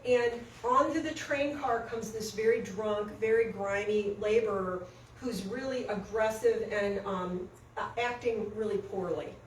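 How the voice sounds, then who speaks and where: A woman telling a story in a coaching session, animated and acting out quotes, recorded off-mic in an echoey room with faint noise. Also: medium pitch, measured pace, far from the mic.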